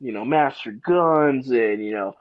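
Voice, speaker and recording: A man of middle pitch talks in a laid-back, slangy way, leaning on filler words. The recording sounds dull and lo-fi with almost no room sound, and the voice stays plain and steady. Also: a little slow, no room sound. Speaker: podcast guest, Marine veteran. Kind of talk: casual interview chat.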